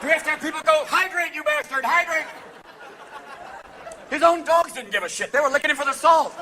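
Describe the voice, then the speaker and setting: A man performing a live stand-up set, firing off manic impressions and sudden shouts. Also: extremely high pitch, animated, very fast, a faint crowd. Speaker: stand-up comedian. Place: theater stage before a crowd. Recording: live audience laughter and noise.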